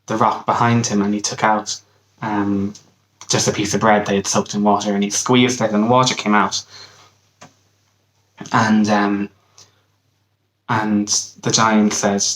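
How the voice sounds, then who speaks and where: A young Irish man, a camp counselor, casually telling a folk tale in a relaxed, hesitant way with pauses and restarts. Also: on the low side, low-quality recording. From Ireland.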